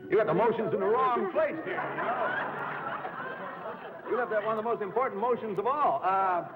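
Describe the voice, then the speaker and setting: A man's voice: high voice, over a noisy crowd. A man hosting a live radio quiz show, firing off questions and cracking jokes at the contestants. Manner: joking, quick wisecracks. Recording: tinny, hissy 1950s broadcast recording.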